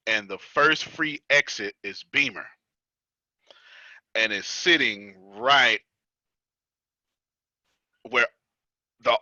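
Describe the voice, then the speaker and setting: An American man with a very bright, ringing voice coaches a group in a loose, teasing chat, laughing often and circling back over his own lines. The sound is dry and a little dull, like a lo-fi video call. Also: medium pitch, dry recording. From United States. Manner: lively, teasing, laughs often, repeats himself. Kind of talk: casual teaching chat.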